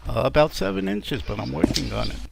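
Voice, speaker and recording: A man voicing a crude dirty old man who tells bawdy jokes with halting fillers over a voice chat. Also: mid-range voice, expressive, creaky, very noisy. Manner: rambling, bawdy joke-telling with halting fillers. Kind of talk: voice chat stand-up joke telling.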